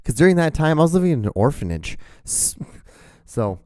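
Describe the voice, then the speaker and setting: A man in his thirties hosting his own show, rambling excitably in a casual, profane monologue. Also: fairly high pitch, a little fast, no echo, studio quality. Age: 30s. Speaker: show host.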